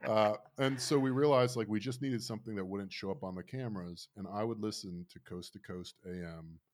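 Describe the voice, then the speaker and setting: A low-voiced man in his thirties, from Florida, spinning a rambling comic story. His telling is animated and wry, with bursts of loudness and hurried asides. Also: slight background noise. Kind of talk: storytelling chat.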